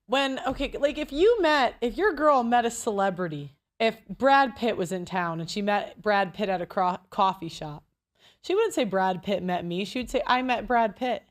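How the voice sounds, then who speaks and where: A woman's voice: on the high side, lively intonation, moderate pace. A woman hosting a commentary show, reacting to a speech with blunt, crude mockery. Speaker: commentary host.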